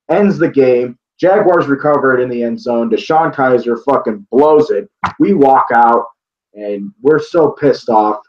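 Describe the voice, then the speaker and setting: A man's voice: mid-range voice, brisk, a little mellow. A young man from northeast Ohio, chatting casually about a game, rambling with restarts and swearing freely. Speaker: sports vlogger. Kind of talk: casual chat. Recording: dull lo-fi sound.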